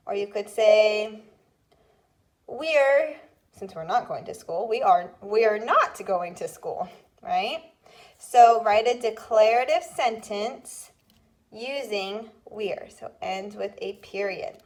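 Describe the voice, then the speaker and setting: A woman teaching a recorded second grade phonics lesson, explaining step by step and checking in with "okay?" as she goes. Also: fairly high pitch. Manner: slow, patient explaining with repeated "okay?" checks.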